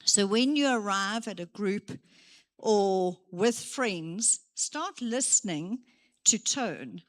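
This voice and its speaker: A woman giving a motivational career day talk in a church hall, lively and full of acted examples. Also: medium pitch, slow. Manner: lively, gives acted examples, moves around.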